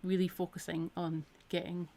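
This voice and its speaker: A woman's voice: on the low side, little pitch movement, normal speed, mellow. Chatty Scottish woman teaching needle felting. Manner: chatty, encouraging, talks while working. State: voice tiring from a week of talking. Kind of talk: live-streamed craft tutorial.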